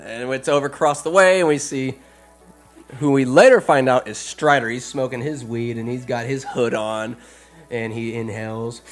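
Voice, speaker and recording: A man hosting a podcast, recapping a film in an animated, joking way, swearing and doing goofy character voices. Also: mid-range voice. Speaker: podcast host. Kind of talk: comedic movie recap. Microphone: phone.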